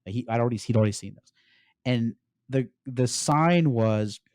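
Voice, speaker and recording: A middle-aged man from the United States, a podcast guest recounting his story in an animated way and often saying "like". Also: medium pitch, normal speed, no room sound, studio quality. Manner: animated storyteller, peppers speech with "like". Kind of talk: storytelling interview.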